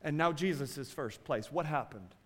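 A man preaching a sermon as a pastor, swinging between loud exclamations and quiet asides. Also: on the high side, animated, moderate pace, in a large hall.

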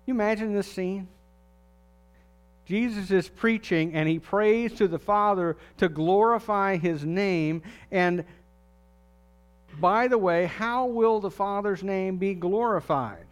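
A pastor delivering a sermon, his male voice sitting a little above the usual pitch. He speaks earnestly and steadily, turning often to ask the congregation direct questions. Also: slow, clear, resonant tone.

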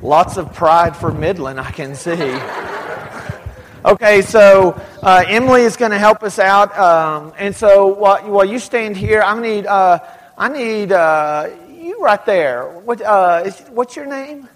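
A man from Dallas speaking to a young audience, telling animated, self-mocking stories in a large hall. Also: high voice, a little slow. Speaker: youth speaker. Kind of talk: storytelling talk to kids. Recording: long hall reverb.

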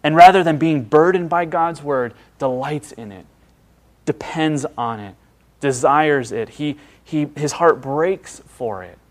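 A male preacher delivers a sermon in a slightly high voice. He speaks earnestly and with emphasis, pausing for effect and sinking to hushed tones on key phrases. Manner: earnest, emphatic, with dramatic pauses and hushed drops.

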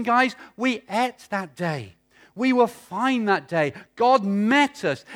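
A man's voice: extremely high pitch, fairly bright tone. A man preaching a sermon, urging his listeners with repeated questions.

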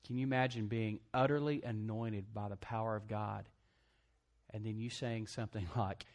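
A pastor with a mid-range voice preaches a sermon at a normal speed. He calls for amens from the congregation in a call-and-response style and jokes as he acts out other people's voices.

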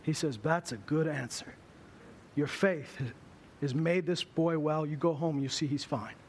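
A man's voice: fairly high pitch, a little slow, a little hiss or hum. A man preaching a sermon in a church, telling stories with humor and acting out voices. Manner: humorous storytelling, acts out voices. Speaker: pastor.

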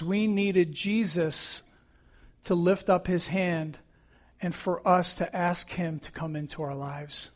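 Earnest man preaching, high voice. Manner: earnest, emphatic preaching with repeated phrases. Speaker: pastor. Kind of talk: sermon.

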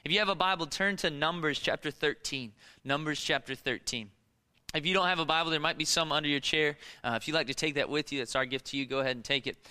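A man's voice: a little high, quick pace, bright, forceful tone, smooth, in a large hall. A man preaching a sermon as pastor, emphatic and asking the congregation rhetorical questions. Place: church.

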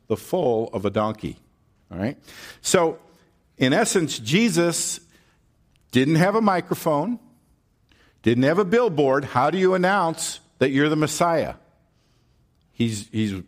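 A man preaching a sermon, teaching from scripture with rhetorical questions and frequent check-ins with the congregation. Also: mid-range voice. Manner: animated preaching, slow and deliberate with drawn-out words. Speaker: pastor.

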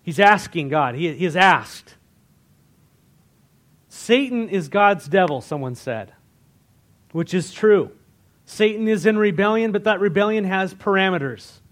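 A man's voice: sits high, lively intonation, measured pace, pauses often, fairly bright tone. A man preaching a sermon in a conversational way, asking the congregation questions and retelling scripture in everyday words. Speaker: pastor.

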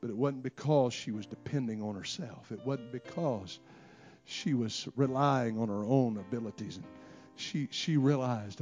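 A man preaching a sermon as pastor. He tells a story in a low, hushed voice and builds to a shouted, half-sung climax. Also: normal speed, soft background music.

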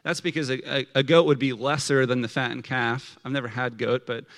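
A man's voice: mid-range voice, level tone, brisk, fairly bright tone. A man preaching a casual sermon in a conversational way, peppered with the filler like. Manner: conversational, many fillers of like, acts out quotes.

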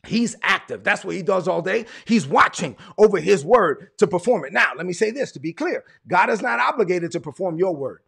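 A man's voice: sits high, animated, fairly quick, gravelly, few pauses, fairly bright tone, breathy edge. A man from Brooklyn, preaching a sermon with emphatic, repetitive cadence. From Brooklyn, New York. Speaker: pastor.

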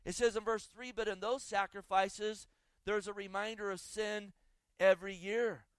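A man preaches a sermon in a high voice, reading scripture and turning to the congregation with rhetorical questions. The sound is dry and close, with no room echo. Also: fairly even intonation, moderate pace, clean tone. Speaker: pastor.

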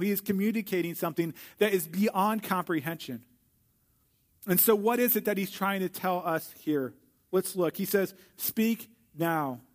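Male preacher, fairly high voice, earnest sermon delivery with slow, stressed repetitions. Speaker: pastor.

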